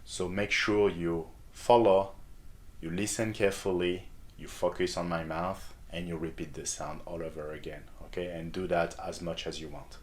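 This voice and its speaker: A man, teaching a beginner lesson in a slow, careful, encouraging way. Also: low voice, steady tone. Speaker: French teacher. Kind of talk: language lesson. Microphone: camera framing on face.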